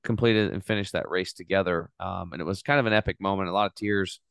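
A middle-aged man telling his story in a casual, animated way as a podcast guest, swearing now and then. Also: low-pitched, fast talker, vocal fry, clear, resonant tone, no room sound, clean studio sound.

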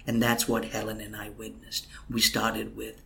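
A man's voice: on the low side, monotone, moderate pace, creaky, sharp tone. A man, a guest minister, telling an emotional testimony in a podcast interview, earnest and at times dropping to a whisper. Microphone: computer microphone.

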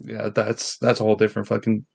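A man's voice: fairly low pitch, monotone, fast, vocal fry, darkish tone. Rambling, swearing podcast guy. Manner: rambling, swears casually, jokey. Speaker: podcast co-host. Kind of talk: casual chat.

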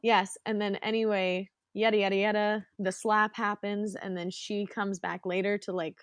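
A woman's voice: medium pitch, level tone, moderate pace, clear, resonant tone, dry recording. Chatty young-sounding woman, dry sound. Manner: chatty, retells jokes with lots of "like" and "um". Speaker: podcast co-host. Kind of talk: casual chat.

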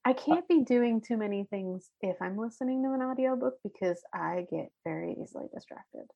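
A woman co-hosting a podcast in casual chat, soft-spoken, mostly giving brief replies. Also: fairly high pitch, expressive, fairly quick, gravelly, muffled recording. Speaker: podcast co-host.

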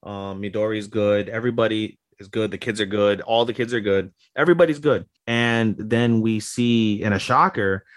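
A man's voice: fairly low pitch, fairly even intonation, moderate pace, few pauses, no room sound. A man co-hosting a podcast, rambling through a casual recap with lots of fillers and casual swearing. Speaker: podcast co-host.

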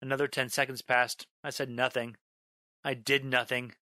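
A man narrating a first-person horror story, dramatic in delivery, drawing out a repeated line slowly and breaking into yelled outbursts. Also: mid-range voice, level tone, no echo. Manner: dramatic, slows down on a repeated line, bursts into yelling.

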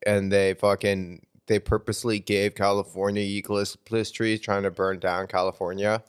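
A man's voice: on the low side, flat delivery, moderate pace, clear, resonant tone. A man co-hosting a podcast in casual chat, blunt and jokey, swearing freely. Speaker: podcast co-host.

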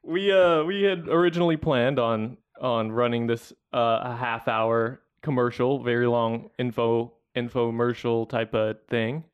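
Smooth-voiced, teasing male podcast co-host. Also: medium pitch, fairly even intonation, unhurried, hardly any pauses, lo-fi sound. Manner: wry, teasing, rambling asides. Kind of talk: casual podcast banter.

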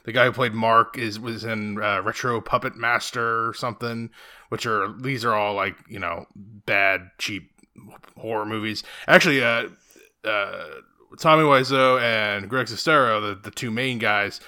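A man with a bright, forward tone talks loosely about films. He rambles, restarts sentences and leans on fillers as he hosts a relaxed chat with friends. His delivery stays casual and conversational. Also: lowish voice, a little slow. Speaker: podcast host. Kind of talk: casual movie discussion.

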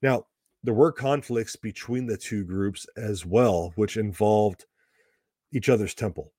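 A man with a low voice teaches through a scripture passage, laying out the background step by step in a relaxed, conversational way. His delivery is recorded close and dry, with no room sound around it. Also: a little slow, dry recording. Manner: conversational, explaining step by step with casual asides. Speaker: Bible teacher. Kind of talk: explanatory Bible lesson.

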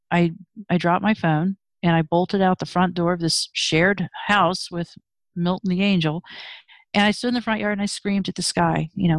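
A woman with a slightly low voice recounts her life frankly, moving between raw emotion and wry humor. The sound is dry and close, with no room around it. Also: no echo. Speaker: interview guest. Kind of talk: personal storytelling in conversation.

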